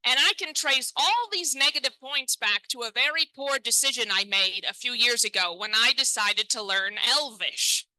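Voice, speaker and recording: A woman's voice: a little high, moderate pace, hardly any pauses, pushed and bright, low-quality recording. A woman in her thirties performing a stand-up comedy set, self-deprecating and chatty, talking straight to the crowd on a comedy stage. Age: 30s.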